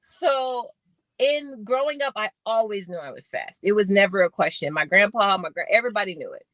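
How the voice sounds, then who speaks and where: Bright, animated woman in her forties. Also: medium pitch, a little fast, no room sound. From Phoenix, Arizona, USA. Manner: animated storyteller, acts out quotes. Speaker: guest, former Olympic sprinter. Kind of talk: casual podcast interview.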